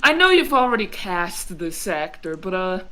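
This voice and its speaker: A woman's voice: lowish voice, sing-song, moderate pace, sharp tone. A woman on a casual live stream, tossing in teasing, quippy remarks.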